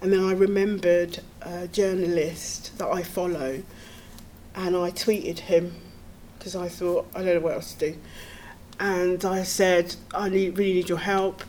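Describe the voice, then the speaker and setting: A woman's voice: fairly low pitch, little pitch movement, measured pace, darkish tone, a little hiss or hum. A middle-aged woman, a podcast guest telling her own story in an earnest, tumbling way, with nervous laughs. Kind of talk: personal storytelling.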